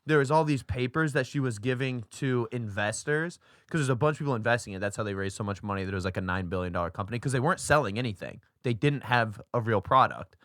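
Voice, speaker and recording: A young man co-hosts a podcast in loose casual chat. He rambles and circles back with lots of fillers and swearing. His voice sits mid-pitched and dry, close to the mic. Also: quick pace, hardly any pauses, fairly bright tone, dry recording. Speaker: podcast co-host.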